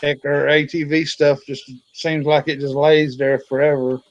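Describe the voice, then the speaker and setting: A man's voice: on the high side, little pitch movement, normal speed. A man in a casual chat, stopping and repeating himself as he talks. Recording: dull, lo-fi mic.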